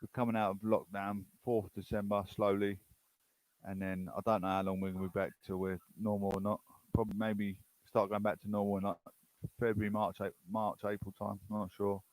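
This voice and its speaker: A man's voice: fairly low pitch, little pitch movement, brisk, no echo, low-quality recording. Chatty British man, dry sound. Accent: British English. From United Kingdom. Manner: rambling, chatty, unsure. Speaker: online chat host. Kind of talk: casual chat with strangers.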